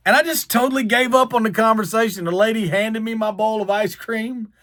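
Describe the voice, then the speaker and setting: A man from the American South with a long drawn-out Southern accent, telling a self-mocking story. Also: high-pitched, no echo, clean studio sound. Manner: drawled, self-mocking, animated. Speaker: vlogger. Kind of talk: storytelling to camera.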